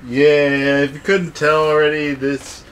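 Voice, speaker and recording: A man's voice: on the high side, level tone, a little slow. Wry man with faint background hiss. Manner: wry, dismissive commentary. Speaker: co-host. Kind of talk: casual review chat.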